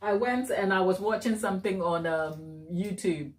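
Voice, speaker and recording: A woman hosting a baking live stream, chatting warmly and encouragingly with her viewers and laughing often. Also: mid-range voice, normal speed. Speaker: cake baking channel host.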